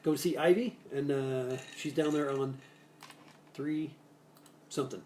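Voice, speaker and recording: A man's voice: medium pitch, unhurried, mellow, a little hiss or hum. A man hosting a live cocktail show, chatting casually and jokily, rambling with restarts and asides as he gives bartending tips. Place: Salt Lake City area.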